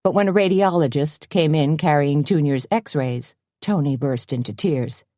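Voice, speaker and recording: Woman audiobook narrator, steady storyteller, mellow tone, dry close sound. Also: sits low, a little slow, no room sound. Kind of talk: scripted narration.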